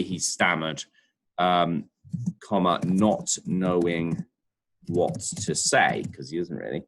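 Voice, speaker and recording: A man's voice: low-pitched, slow. A male primary school teacher, chatting and thinking aloud as he writes a lesson. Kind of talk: remote writing lesson.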